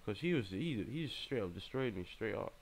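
A young man, giving a casual running commentary as he plays a mobile game, reacting in an exasperated, excitable way with plenty of slang. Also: fairly low pitch, fairly quick, a little hiss or hum. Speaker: gaming channel host.

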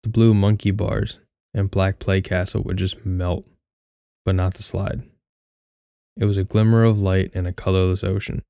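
Wry, low-voiced man reading a story. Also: flat delivery, moderate pace, gravelly, warm tone, no echo, clean studio sound. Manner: candid, wry, casually profane. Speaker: audiobook narrator. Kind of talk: first-person story reading.

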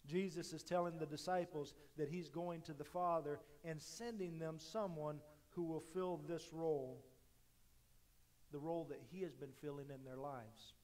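Preaching from the pulpit, this pastor swings from loud, emphatic declarations down to hushed asides, often doubling back on words to restart a phrase. He speaks at a normal pace in a fairly high, steady voice.

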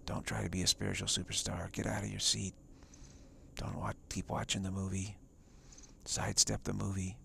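A man's voice: deep voice, level tone, moderate pace, vocal fry, pushed and bright, a little hiss or hum. A man giving a live-streamed spiritual talk as a teacher, emphatic and repetitive, often dropping into whispers.

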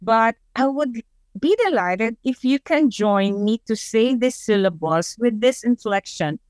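A woman's voice: fairly high pitch, animated, unhurried, a little mellow, no room sound. A woman with a Filipino accent giving a webinar presentation, telling stories and leading the audience in call-and-response syllables. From Philippines.

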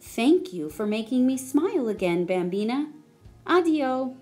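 A woman putting on an elegant painted lady with a raised, swooping voice and a fondness for Italian words. She speaks slowly and dramatically in this storybook, over faint music. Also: fairly high pitch, very animated, warm tone. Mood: fond.

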